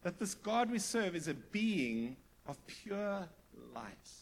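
A man's voice: high-pitched, very animated, takes it slowly. A male pastor preaching a sermon with emphatic repetition, often asking the congregation questions. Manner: emphatic, rising to near-shouted repetition.

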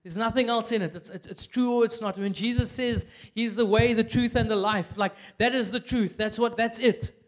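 This sermon is loose and joking, preached in a church by a high-pitched young South African man. Talking the way a friend tells a tale, he fills it with animated asides, constant "like" fillers and sudden laughter.

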